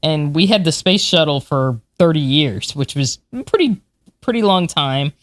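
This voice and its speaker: Her low voice is animated but a little slow, with no room sound around it. She is in her forties, a space historian and podcast co-host, chatting casually with plenty of enthusiasm and frequent laughter.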